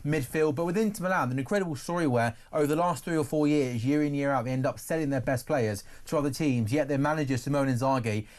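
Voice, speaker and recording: A man's voice: mid-range voice, fast talker, few pauses, a little mellow. A man presenting sport on a radio show, chatting through match details with the host. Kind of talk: sports chat. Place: radio studio.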